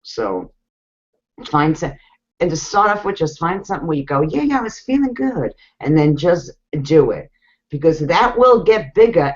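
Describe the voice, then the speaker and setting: A woman's voice: on the low side, highs cut off. A woman hosting a casual group coaching talk, frank and blunt, with mild swearing.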